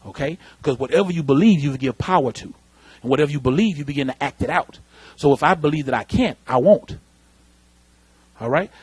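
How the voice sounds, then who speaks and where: High-voiced husky preacher man. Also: brisk, dry recording. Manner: animated preaching, calls out to the congregation. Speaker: pastor. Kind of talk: sermon. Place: church sanctuary.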